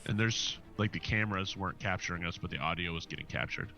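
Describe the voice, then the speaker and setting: A man's voice: low-pitched, quick pace, sharp tone, dull audio, faint music behind. A man in casual chat among tabletop players, joking and swearing freely. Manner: profane, joking.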